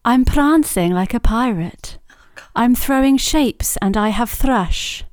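A woman's voice: fairly high pitch, expressive, takes it slowly, darkish tone, no room sound. A woman doing a sing-song riddle creature. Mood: playful.

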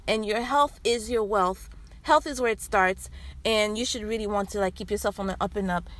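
A woman's voice: medium pitch, moderate pace, fairly bright tone. A woman hosting a podcast, talking casually in a rambling way with many fillers and restarts. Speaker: podcast host. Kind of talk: casual health talk.

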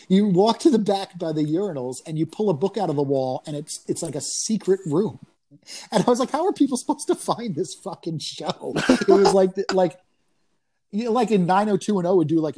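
A man casually telling stories from comedy tours, full of swearing and laughter, jumping up in pitch when he acts out what people said. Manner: profane, animated storytelling with laughs; acts out quoted voices in higher pitch. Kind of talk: casual podcast chat.

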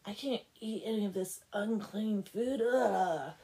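A woman's voice: mid-range voice, a little slow, warm tone, lightly acted. A woman voicing a moody, lovesick young village blacksmith with whiny, dramatic groaning. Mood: mopey, dramatic.

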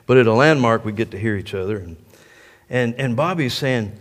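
An older man, a pastor, telling a story in a sermon in an animated way and laughing along with it. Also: mid-range voice, a little fast. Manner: animated, laughs through his own story. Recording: long echo of a large hall.

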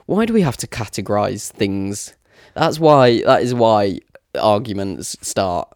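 A man's voice: on the low side, expressive, a little slow, darkish tone, no room sound, clean studio sound. A young man with a Leicester accent, co-hosting a podcast and joking through casual banter. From England. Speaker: podcast co-host. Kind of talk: casual chat.

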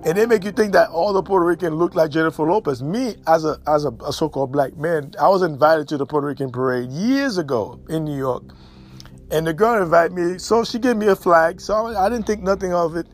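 A man from Haiti speaks in a blunt, casual monologue. His voice sits high, and he hammers points by repeating them. Faint music plays underneath. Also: fairly quick. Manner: blunt, emphatic, repeats himself for stress. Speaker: commentator. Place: New York and elsewhere in the States.

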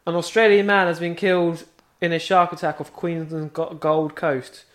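A young man on a podcast, casually sharing a news story with his friends. He hesitates and fills gaps with "uh" and "um". His voice sits a little high. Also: flat delivery, normal speed, a bit bright. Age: young adult. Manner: hesitant, reads news items aloud with fillers. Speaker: podcast co-host. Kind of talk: casual chat.

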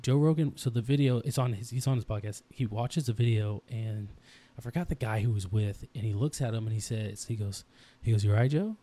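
His voice is fairly low and mellow, with fairly even intonation and a slightly fast pace. This man in his thirties co-hosts a casual podcast and talks about his daughters intensely, rambling with many restarts.

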